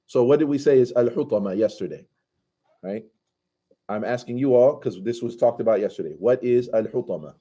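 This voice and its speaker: A man's voice: medium pitch, a little fast, dark tone. A man teaching a conversational scripture commentary class, casually asking his students questions and reciting Arabic passages.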